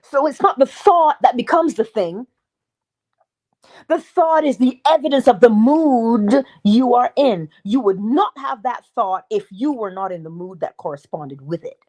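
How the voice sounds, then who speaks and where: Lively, expressive woman teaching on a livestream. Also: fairly high pitch, a little slow. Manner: emphatic, conversational, asks the audience questions; acts out little dialogues with herself. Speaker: spiritual teacher hosting a morning livestream. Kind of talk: live-stream teaching talk.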